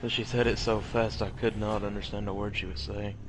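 A man's voice: lowish voice, flat delivery, a little fast, over music. A man with a Southern US accent, chatting and telling jokey stories while streaming a shooter game. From American South. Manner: joking storyteller, laughs often. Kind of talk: casual gaming chat.

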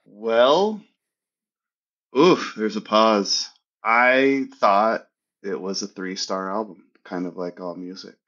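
Hesitant low-voiced man, lo-fi sound. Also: takes it slowly, fairly bright tone. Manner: hesitant, thinking aloud with restarts. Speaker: podcast co-host. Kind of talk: casual podcast chat.

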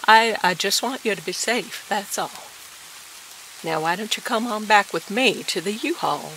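Warm-hearted woman friend, soft and lively, audio drama. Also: medium pitch, normal speed, a little hiss or hum, poor audio. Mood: coaxing. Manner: gentle, coaxing, folksy speech. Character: caring woman friend, soothing.

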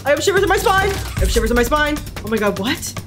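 A woman's voice: high voice, very animated, fast. A young woman streaming a horror game, panicky, repeating herself and swearing a lot. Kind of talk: live game commentary. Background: game music.

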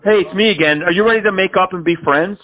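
Brief: man, prank caller, flirty teasing, higher voice, tinny phone line. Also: quick pace. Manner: mock romantic, teasing. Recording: thin phone-line sound.

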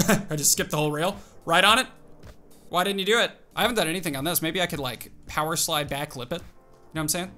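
A young man giving excited, animated commentary on his own gameplay, calling out tricks and reacting aloud. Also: on the high side, fast talker, faint music behind. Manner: animated, exclaims and narrates tricks to himself. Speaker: gaming video host.

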